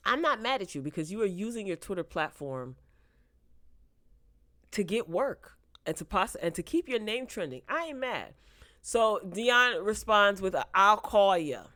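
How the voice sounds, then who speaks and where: A woman's voice: medium pitch, expressive, a little slow, bright, forceful tone. A woman hosting a casual entertainment news chat, reading headlines aloud and breaking in with laughing asides. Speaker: host.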